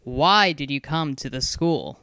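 The narrator voices a calm male school founder in a storybook reading, patient and quietly firm. The voice stays smooth and close in a dry space, never raised even when he presses. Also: medium pitch, normal speed, dry recording, natural voice. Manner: calm, patient, gently insistent.

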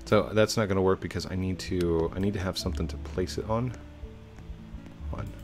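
A man's voice: deep voice, fairly even intonation, brisk, darkish tone, faint music behind. A man giving casual let's-play commentary, chatting playfully to himself and his viewers as he plays. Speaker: YouTube gamer.

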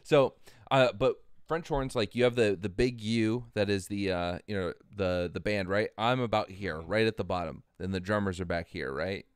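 A man hosting a casual chat, telling an anecdote in a relaxed way with casual swearing. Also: fairly low pitch, moderate pace, clean tone, dry recording, clean studio sound. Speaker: host.

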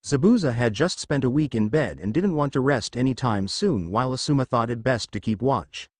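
Expressive male storybook narrator. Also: mid-range voice, a little fast, dry recording, studio quality. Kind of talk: storybook reading.

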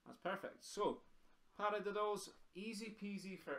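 This man teaches drums live on a video call, counting in and walking through exercises in a chatty, encouraging way. He speaks at a moderate pace in a high, slightly bright voice, captured by a computer mic with roomy echo and faint drumming behind him.

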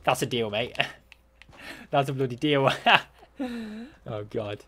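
A man giving casual gameplay commentary as a streamer, excitable and constantly talking to his viewers. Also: medium pitch, takes it slowly, long pauses, slight background noise. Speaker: gaming streamer.

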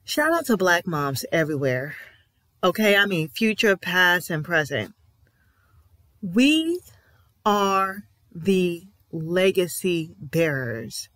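This woman reacts to a TV episode in a lowish, sing-song voice that's a bit bright and slow-paced. As a reaction vlogger, she gets emotional, offering earnest, emphatic remarks and repeating affirmations with real feeling. There's no echo on the recording.

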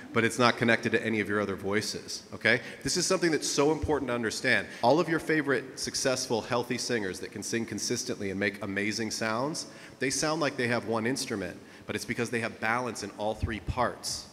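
A man's voice: mid-range voice, fairly bright tone. Vocal coach man in a reverberant room. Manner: encouraging, coaching with frequent "okay?" checks. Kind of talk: singing lesson with vocal exercises.

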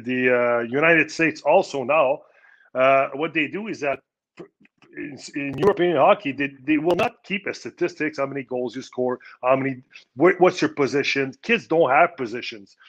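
Guy, kinda high voice, earnest, stumbles and restarts a lot, dull lo-fi sound. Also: fairly bright tone. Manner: earnest, halting, many restarts. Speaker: former pro hockey player, guest. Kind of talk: podcast interview.

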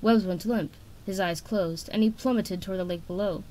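A woman reading a children's fantasy novel aloud in steady, expressive narration. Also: medium pitch, normal speed. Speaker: audiobook reader.

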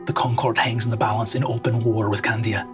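A man's voice: medium pitch, little pitch movement, brisk, over music, pitched below the performer's own voice, natural voice. A man voicing a solemn sailor with a formal, grave delivery, in a tabletop game. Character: loyal sailor bearing grim news, solemn.

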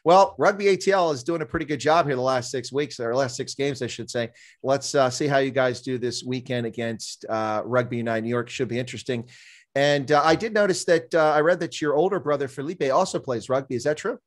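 A man's voice: mid-range voice, a little fast. A man hosting a rugby interview show, asking questions in a chatty, friendly way. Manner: friendly, chatty, with frequent "uh" fillers. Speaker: podcast host, interviewer. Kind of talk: casual interview.

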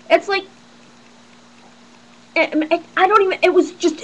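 A woman's voice: very high voice, fairly even intonation, normal speed, long pauses, rough recording. A teenage girl ranting casually to camera in a sarcastic, exasperated, rambling way. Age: teens. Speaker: vlogger.

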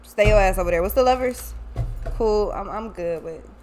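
A woman gives a casual tarot reading monologue, blunt and profane, speaking emphatically and often repeating her words. Her voice is medium-pitched and a little mellow, her pace moderate, with slight background noise.

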